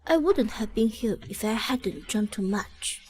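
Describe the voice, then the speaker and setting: A woman's voice: on the high side, lively intonation, unhurried, darkish tone, slight background noise. A drunk, defiant young woman. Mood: flustered. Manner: slurred, drowsy drunk delivery. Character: tipsy young woman, sharp-tongued and defiant. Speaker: heroine. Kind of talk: dubbed drama acting.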